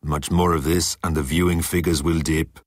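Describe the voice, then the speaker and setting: A man's voice: very deep voice, level tone, normal speed, no room sound, studio quality. A man voicing a boastful, showy male thunder god who talks in a casual, self-satisfied way. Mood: smug.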